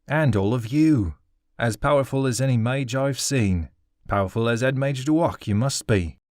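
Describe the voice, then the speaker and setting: An awestruck guardsman, as a male storybook narrator voices him, blunt and excitable, drawing out his words in wonder. His voice rises a little above the narration in a dry, close recording. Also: mid-range voice, normal speed, no room sound, pitched above the performer's own voice, natural voice. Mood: awed.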